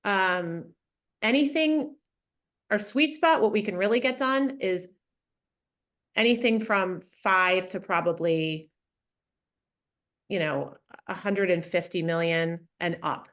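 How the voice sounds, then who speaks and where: A woman's voice: medium pitch, slow, pauses often, a bit bright. Blunt woman talking frankly. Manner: blunt, frank, many fillers. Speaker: interview guest, funding consultant. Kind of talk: casual interview talk.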